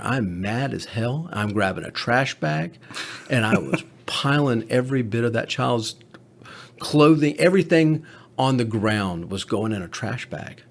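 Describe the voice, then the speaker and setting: A man's voice: mid-range voice, lively intonation, a little slow, gravelly. A man who is a paramedic, telling candid stories in a podcast conversation, blunt and profane. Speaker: paramedic co-host.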